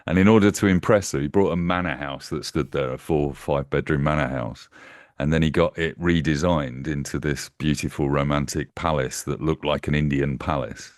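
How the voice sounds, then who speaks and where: A very deep-voiced man recorded close and dry, with no room sound. He hosts a casual chat over a video call and tells stories, putting on the voices of the people in them. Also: moderate pace, few pauses, no room sound. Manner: storytelling, acts out quoted voices. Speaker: host.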